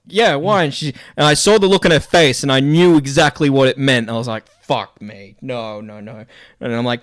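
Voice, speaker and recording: A man's voice: medium pitch, fairly bright tone, dry recording, clean studio sound. A man hosting a casual live stream chat, swearing freely and laughing often. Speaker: podcast host.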